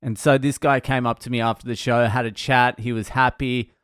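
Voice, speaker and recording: A stand-up comedian recounting gigs in a casual monologue, blunt and self-mocking, swearing freely. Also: male voice, medium pitch, level tone, brisk, a bit bright, smooth, no room sound, studio quality.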